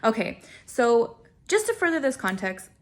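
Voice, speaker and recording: At a moderate pace and very animated, a young vlogger tells the camera a personal tale, making fun of herself along the way. Laughter comes often, and she voices quoted lines with large jumps in pitch.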